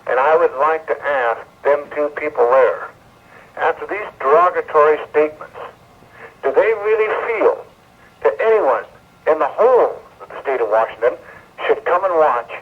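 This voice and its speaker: A man's voice: a little high, expressive, moderate pace, pauses often. A man calling in to a radio show, aggrieved and challenging. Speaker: caller. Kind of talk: radio call-in. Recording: tinny phone line on 1970s radio.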